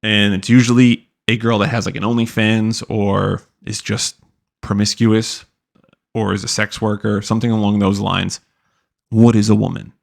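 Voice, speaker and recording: A man's voice: lowish voice, little pitch movement, moderate pace, gravelly. A young man hosting a podcast, ranting casually with profanity and lots of filler words. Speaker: podcast host. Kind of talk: casual commentary rant.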